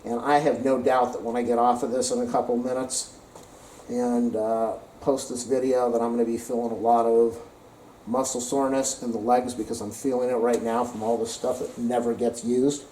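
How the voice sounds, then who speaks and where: A man giving a casual, joking product review at home, thinking out loud as he goes. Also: medium pitch, little pitch movement, normal speed, slight background noise. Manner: rambling, joking, thinks aloud. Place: home, corner by the front door. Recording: roomy, distant camera audio.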